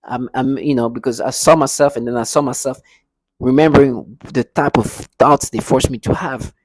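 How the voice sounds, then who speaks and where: A man's voice: medium pitch, fairly even intonation, moderate pace, no echo, poor audio. A man talking to his viewers in a casual monologue, insistent, often repeating words and restarting. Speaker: vlogger addressing his viewers. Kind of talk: casual spoken monologue to camera.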